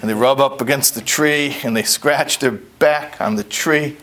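A man giving a conversational lecture, telling a parable in an animated, plain-spoken way. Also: mid-range voice, a little slow. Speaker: speaker. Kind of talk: storytelling lecture.

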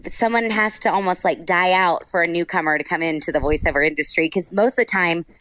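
Here a voice actor from Texas, a woman with a lowish, fairly bright voice, talks fairly quickly during a relaxed interview. She comes across bubbly and effusive, leaning heavily on "like."

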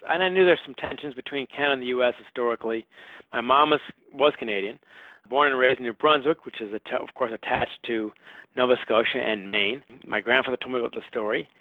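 A man's voice: mid-range voice, brisk, no echo. A male author answering interview questions, telling history with a wry, storytelling manner. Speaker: author guest. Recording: phone-like line.

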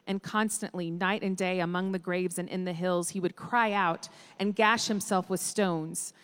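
A woman giving a steady, measured scripture reading. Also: on the low side, clean tone. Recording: echoey hall.

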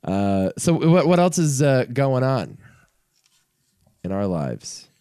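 A man's voice: mid-range voice, big pitch swings, slow pace, dark tone, clear, resonant tone, no echo. A man co-hosting a casual podcast chat, joking dryly and poking fun at himself. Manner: dry joking, self-mocking. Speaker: podcast co-host.

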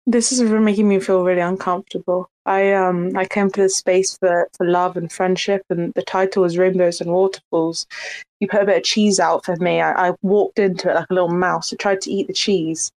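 A woman's voice: on the low side, little pitch movement, fairly quick, a little mellow. A woman with a posh English accent, bantering on an audio call in a prim, dry, mock-offended way.

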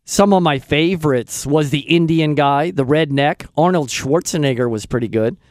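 A man's voice: fairly high pitch, moderate pace, no echo. A man hosting a radio show, chatting in a rambling, casual way into a studio microphone. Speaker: radio host.

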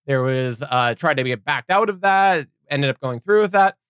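High-voiced man hosting a podcast. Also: lively intonation, a bit bright, smooth, dry recording, studio quality. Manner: halting, restarts phrases. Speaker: podcast co-host. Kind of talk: casual chat.

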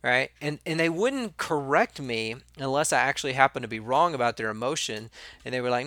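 A man's voice: medium pitch, lively intonation, fairly quick, sharp tone, no echo, studio quality. A man talking casually about resolving conflicts, sometimes acting out what kids and he said. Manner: conversational, acts out kids' and his own lines in quotes. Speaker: former school staff member giving advice. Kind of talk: casual advice talk.

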